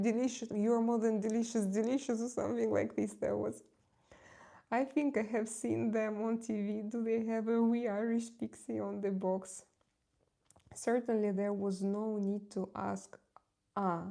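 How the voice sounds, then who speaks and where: Her voice sits on the high side, a bit slow, creaky and warm. She's a tarot reader chatting casually on her live stream, candid and confiding, laughing easily and often hesitating or repeating words as she searches for them.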